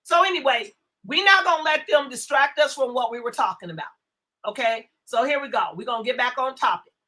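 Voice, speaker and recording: High bright-voiced woman ranting on stream. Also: expressive, fairly quick. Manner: profane, scolding, repeats words. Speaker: livestream host. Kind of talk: angry livestream rant.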